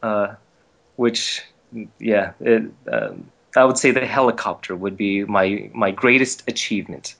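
Male voice actor guest, lively storyteller who acts out the quotes, easygoing chat. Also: fairly low pitch, a little slow, creaky. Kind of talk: casual chat. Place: based in Los Angeles.

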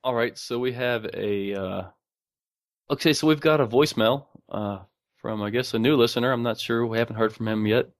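A man co-hosting a podcast in casual chat, speaking in a flat, monotone way and laughing often. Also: mid-range voice, moderate pace, no room sound, clean studio sound. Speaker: podcast co-host.

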